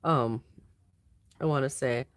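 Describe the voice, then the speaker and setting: A drowsy woman talks through a weekly tarot spread in a loose, wandering way. She drifts between thoughts and leans on fillers. Her delivery is informal and unhurried. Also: extremely low pitch. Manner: rambling, loose, many fillers and trailing thoughts. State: sleepy, yawning. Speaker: tarot card reader. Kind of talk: casual weekly tarot reading.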